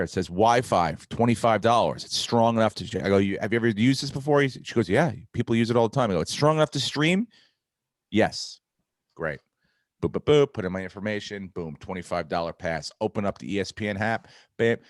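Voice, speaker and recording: A man's voice: on the low side, no echo, studio quality. A middle-aged man, a podcast host, telling a comic story in casual chat, swearing freely and acting out the people in it. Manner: profane, animated, acts out dialogue.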